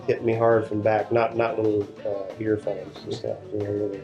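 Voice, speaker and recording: A man's voice: on the low side, little pitch movement, moderate pace, highs cut off, soft background music. A man guesting on an interview, telling rambling stories in casual talk and often restarting his sentences. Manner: rambling, restarts sentences, laid-back storytelling. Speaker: session guitarist, interview guest.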